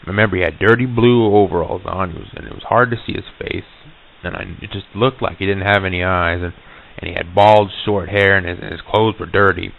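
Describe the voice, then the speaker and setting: A man telling of an eerie encounter in the first person, halting, with many fillers and restarts, heard on an old lo-fi reel-to-reel tape. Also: low voice, steady tone, vocal fry.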